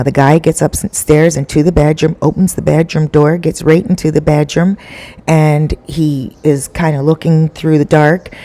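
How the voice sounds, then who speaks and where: A woman's voice: low voice, warm tone. A middle-aged woman vlogger retelling a story in a casual, conversational way with dramatic flair.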